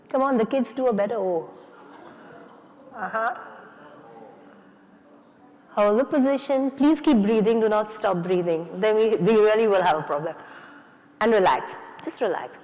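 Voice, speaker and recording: A woman's voice: mid-range voice, expressive, a little slow, pauses often. A woman leading an audience through face yoga exercises at a conference, coaxing and playful as she gives instructions. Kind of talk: leading a live exercise session. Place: conference hall. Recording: reverberant conference hall.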